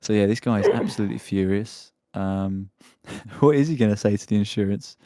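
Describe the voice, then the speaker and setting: A man's voice: on the low side, fairly quick, warm tone, no echo. A man hosting a podcast, chatting casually in a rambling, laughing way with some swearing. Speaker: podcast host. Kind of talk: casual chat.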